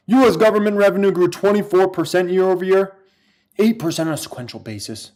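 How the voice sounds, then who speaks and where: A man hosting a livestream, reacting with excited shouts, whoops and swearing. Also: high voice, fast talker. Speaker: livestream host reacting to stock news.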